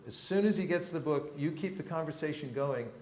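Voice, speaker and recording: A man's voice: a little high, brisk, darkish tone. A man leading a seminar for a live audience, talking playfully and acting out street encounters with a joking manner. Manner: humorous, acts out street encounters. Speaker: seminar teacher. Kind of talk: lively seminar talk. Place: temple hall with audience. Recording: roomy echoing hall.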